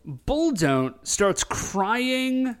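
A man co-hosting a casual chat, retelling a show with lively voiced quotes. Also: very high voice, clear, resonant tone. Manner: animated storytelling with quick voiced quotes. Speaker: podcast co-host recapping a show.

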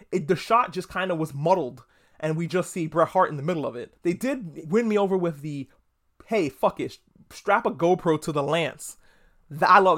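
A man with a slightly high voice talks through a TV episode on his own podcast. He rambles casually, swears freely and drops jokey asides as he goes. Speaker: podcast host reviewing a TV episode. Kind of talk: casual solo review.

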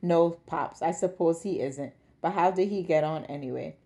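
A woman voicing a grown daughter, an academic, who chides her father in a brisk, fond way. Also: sits low, mellow. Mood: chiding. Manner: brisk, fondly chiding.

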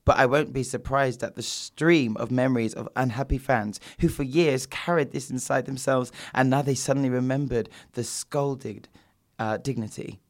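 A man's voice: medium pitch, steady tone, normal speed. A man, co-hosting a casual gossip chat with sassy, teasing asides. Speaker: podcast co-host.

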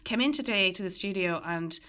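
A woman's voice: medium pitch, brisk, clean tone. A young Irish woman co-hosting a podcast, a bit stuffed up from hay fever, telling stories in a chatty way with many fillers. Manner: chatty, animated storytelling with fillers. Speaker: podcast co-host. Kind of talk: casual chat.

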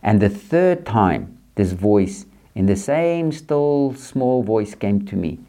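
A man with a dark, mellow tone and a gravelly edge talks to his listeners about quiet and reflection. He speaks earnestly and repeats his key points, often addressing the listener directly. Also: fairly low pitch, expressive, takes it slowly. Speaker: podcast host. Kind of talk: reflective faith-based monologue.

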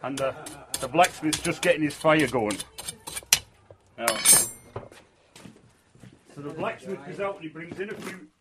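A man's voice: fairly high pitch, lively intonation, measured pace, pauses often, very noisy. A man with a Manchester accent telling a folk tale and guiding visitors through a blacksmith forge, in chatty narration. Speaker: storyteller and forge guide. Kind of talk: oral folk storytelling.

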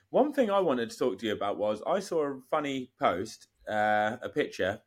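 A man's voice: mid-range voice, big pitch swings, moderate pace. A man hosting a casual podcast chat, laughing easily and asking short questions.

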